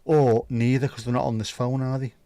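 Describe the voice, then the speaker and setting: A man's voice: mid-range voice, level tone, a little fast, dark tone. Rambling, jokey man on a livestream. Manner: rambling, jokey, swears freely. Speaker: livestream host. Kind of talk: casual chat reading viewer comments.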